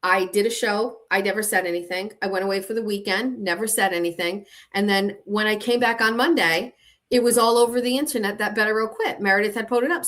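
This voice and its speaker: A woman's voice: a little fast, a bit bright. A woman hosting her own show, talking bluntly and swearing, her voice rising as she gets indignant. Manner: blunt and swearing, pitch climbing when indignant. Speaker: host. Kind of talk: casual monologue reading text messages aloud.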